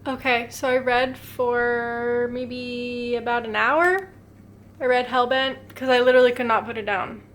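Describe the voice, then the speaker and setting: A young adult woman chatting casually in a book vlog, excitable and gushing, swearing freely as she talks. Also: fairly high pitch, unhurried. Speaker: book vlogger.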